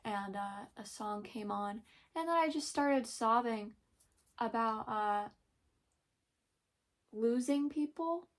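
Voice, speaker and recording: A young woman talking hesitantly in a personal confessional vlog, pausing often and searching for words. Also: a little high, expressive. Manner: hesitant, halting, many pauses and fillers; emotional, soft-spoken. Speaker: vlogger.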